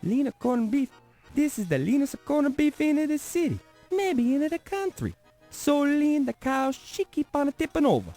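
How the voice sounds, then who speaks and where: A man's voice: very high-pitched, sing-song, normal speed, mellow, faint music behind, exaggerated voice. An actor playing a pushy, grumpy male street sandwich vendor with a thick Italian accent and broken grammar, in 1990s adventure game voice acting. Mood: hawking. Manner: pushy hawking sales patter.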